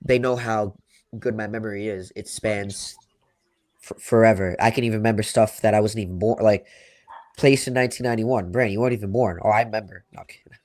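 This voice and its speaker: A man's voice: lowish voice, steady tone, fast talker, darkish tone. A young man with a Long Island accent, co-hosting a sports podcast in casual, rambling chat full of "you know" and "like". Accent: Long Island New York. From Long Island, New York. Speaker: podcast co-host.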